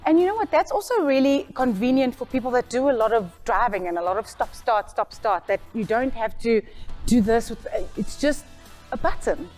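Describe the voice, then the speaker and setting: A woman's voice: on the high side, lively intonation, normal speed, darkish tone, faint music behind. A woman co-presenting a car feature in a bubbly, chatty and jokey way; she does radio traffic reports. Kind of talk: casual promotional chat.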